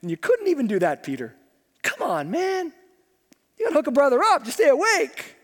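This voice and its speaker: A man's voice: extremely high pitch, huge pitch swings, a little fast, in a large hall, voice pushed up, exaggerated voice. A man playing a patient but exasperated male teacher who talks in casual modern slang.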